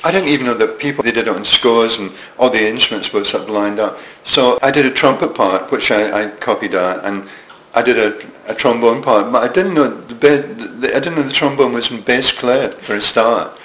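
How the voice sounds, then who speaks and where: A man's voice: mid-range voice, normal speed, few pauses, fairly bright tone. A Scottish man in his seventies telling self-mocking anecdotes in an interview, with frequent restarts. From Scotland. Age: 70s. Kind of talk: storytelling interview. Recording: echoey room with faint noise.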